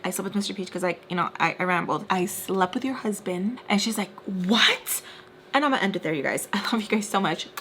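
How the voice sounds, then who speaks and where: A woman's voice: medium pitch, fairly bright tone, slight background noise. A young woman vlogger telling a dramatic storytime while doing her makeup, chatty and full of "like".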